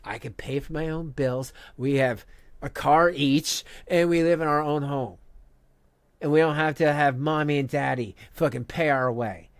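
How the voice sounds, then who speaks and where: Sarcastic stream host ranting and laughing, mid pitch, dry close mic. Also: dry recording. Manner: heated, sarcastic, laughs often. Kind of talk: casual commentary stream.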